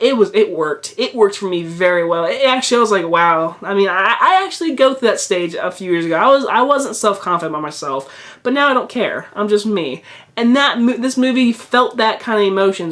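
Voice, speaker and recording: A man's voice: sits high, fairly bright tone. Chatty young man reviewing a movie. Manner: chatty, repeats himself, many restarts and fillers. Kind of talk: casual spoken movie review.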